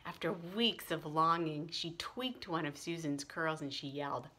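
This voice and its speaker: Friendly tutor lady reading a kids book out loud, bright voice, lots of ups and downs. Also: lowish voice, animated, normal speed. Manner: friendly, explaining to children. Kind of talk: reading a children's chapter book aloud.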